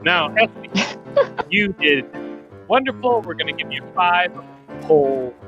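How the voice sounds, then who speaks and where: A man hosting a talent show with a drawn-out, sing-song showman delivery. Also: high-pitched, animated, highs cut off, over music.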